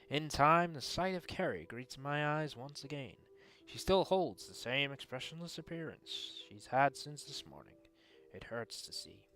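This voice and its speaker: A man's voice: on the high side, lively intonation, normal speed, fairly bright tone, faint music behind. A man reading a visual novel aloud in earnest first-person narration, adding dry asides of his own. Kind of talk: dramatic read-aloud narration.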